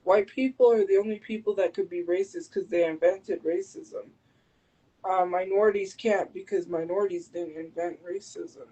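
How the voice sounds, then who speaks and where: Loud, defensive woman livestreamer. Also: on the low side, normal speed, slightly rough, highs cut off. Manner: talks loud by habit; defensive, argumentative. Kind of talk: live stream chat replies.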